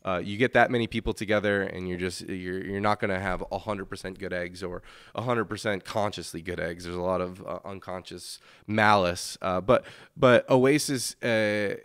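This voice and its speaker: A man's voice: fairly low pitch, fairly even intonation, moderate pace, fairly bright tone, clear, resonant tone. A man hosting a gaming podcast, talking in a loose, rambling way with lots of fillers and restarts, and swearing casually. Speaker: podcast host.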